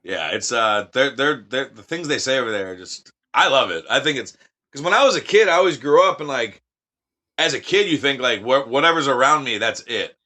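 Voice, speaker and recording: A man from the United States, a podcast guest telling profane, animated anecdotes in casual chat. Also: medium pitch, fairly quick.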